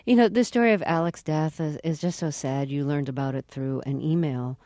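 A woman interviewer with a low, warm voice, asking measured and gentle questions. She searches for her words a little as she frames each one. The sound is close and dry, made at a studio mic. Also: no room sound. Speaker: radio interviewer, host.

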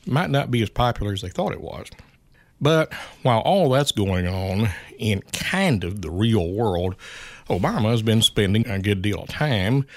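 A middle-aged man giving wry, unhurried political commentary as a regular guest on a radio show. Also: on the low side, dry recording. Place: radio studio.

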